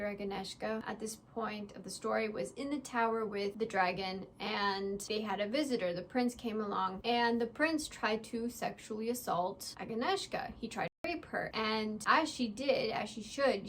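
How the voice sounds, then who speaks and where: A woman's voice: medium pitch, slight background noise. A young woman giving a casual, blunt book review, sarcastic and full of swearing and "like" fillers, acting out characters' lines as she retells scenes. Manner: mimics characters' voices when retelling scenes.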